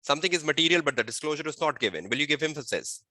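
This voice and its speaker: Man, exam tutor, online webinar, bright tone, dry sound, repetitive questioning, slow dictation. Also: fairly high pitch, animated, no room sound. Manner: drills students with repeated rhetorical questions; slow, deliberate dictation of answer phrasing.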